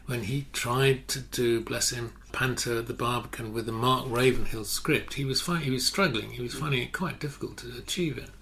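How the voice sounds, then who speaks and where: Older man, bright tone, rambling anecdotal guest; slight noise floor. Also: medium pitch, moderate pace, few pauses. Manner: anecdotal, self-correcting, many restarts. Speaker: guest photographer. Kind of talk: casual interview chat.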